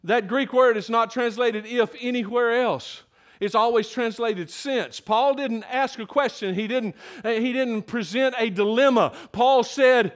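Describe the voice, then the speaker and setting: High-voiced folksy older preacher man. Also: normal speed. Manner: folksy and emphatic, building to loud peaks. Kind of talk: sermon.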